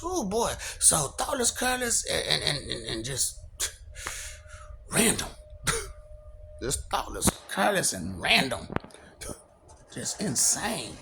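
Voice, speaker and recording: A young man with a soft voice, musing in a rambling casual monologue and laughing often as he talks to imagined listeners. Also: a little high, wildly swooping pitch, takes it slowly, creaky, pauses often, slight background noise. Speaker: vlogger.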